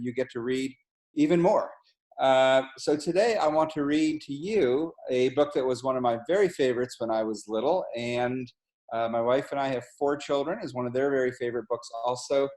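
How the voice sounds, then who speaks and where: A middle-aged man, a college president, reads a picture book aloud to children, explaining the pictures in a slow and gentle way. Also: mid-range voice. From New Jersey, US. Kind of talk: read-aloud storytime. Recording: echoey room.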